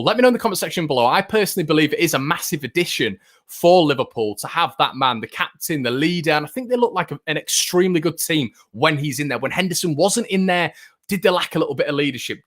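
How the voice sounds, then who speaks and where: A young Englishman with a slightly high voice hosts a football fan channel from his room. He chats casually and upbeat, reading out viewer comments with lots of fillers and excited bursts.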